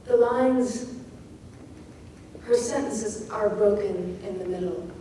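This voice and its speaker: Woman, poetry lecture, mellow voice, distant mic, long hall reverb. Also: mid-range voice, slight background noise. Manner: slow, reads lines aloud and dwells on their sounds. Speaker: poet giving a craft talk. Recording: echoey hall from far off.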